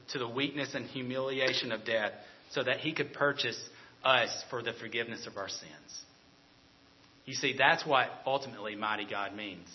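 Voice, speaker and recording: Male pastor, fairly high voice, animated sermon with stammered repeats, dull lo-fi recording. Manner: animated, repeats words, drops to a soft earnest tone. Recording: dull lo-fi sound.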